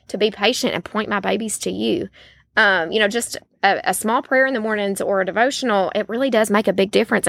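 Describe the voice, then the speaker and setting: A woman's voice: mid-range voice, fairly bright tone, no room sound. A woman, hosting a faith-based podcast in a chatty, folksy way with many fillers. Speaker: podcast host.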